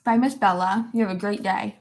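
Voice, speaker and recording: A woman's voice: medium pitch, fairly even intonation, brisk, a little mellow, echoey room. A woman vlogger chatting at home, talking to and playfully scolding her dog in a doting, exasperated way. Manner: playful baby-talk scolding of a pet. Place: apartment room.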